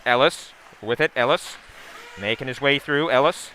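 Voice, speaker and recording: A man giving a steady, running play-by-play call of a hockey game, with asides and sponsor plugs. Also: mid-range voice, normal speed, a little hiss or hum. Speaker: play-by-play commentator. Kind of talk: live hockey play-by-play commentary.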